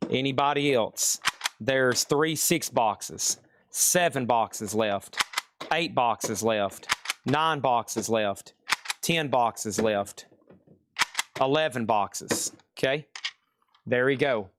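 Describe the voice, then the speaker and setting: A man hosting a live-streamed record auction, calling bids and sales in a fast, chatty, upbeat patter. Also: mid-range voice, background noise.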